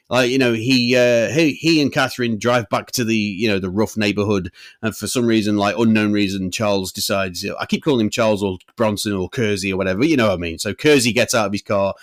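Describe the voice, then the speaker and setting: A man's voice: on the low side, no echo. A man co-hosting a podcast, reviewing a film in a rambling, swearing, casual chat. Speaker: podcast co-host.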